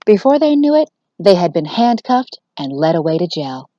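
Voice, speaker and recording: A woman teacher reading a children's book aloud, expressive and aimed at young listeners. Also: lowish voice, moderate pace, dry recording, highs cut off.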